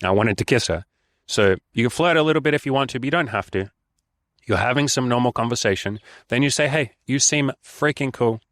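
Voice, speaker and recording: A man's voice: mid-range voice, quick pace, fairly bright tone, no room sound. A young man giving frank dating advice in a casual vlog. He is blunt, swears freely and acts out bits of dialogue. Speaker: dating coach.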